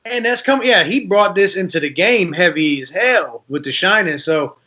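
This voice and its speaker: A man's voice: high-pitched, moderate pace. A man from Detroit, a rapper guest, telling stories in a casual podcast interview and acting out the voices of people in them. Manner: animated storyteller, acts out voices.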